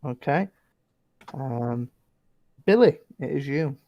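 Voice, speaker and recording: A man narrating as dungeon master in a relaxed, rambling way, full of fillers. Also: medium pitch, takes it slowly, no echo, highs cut off. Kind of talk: narrating a tabletop game.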